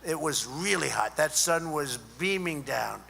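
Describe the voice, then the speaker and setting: A man's voice: a little high, lively intonation, a little slow, vocal fry, sharp tone. A man giving an off-the-cuff speech at a student conference, rambling and repetitive with many asides to the crowd. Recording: echoey hall with faint hum.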